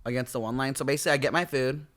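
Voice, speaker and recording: A young man telling a story in casual chat as a guest, animated and acting out what other people said. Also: rapid-fire. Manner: animated storyteller, acts out quoted people in high yelps.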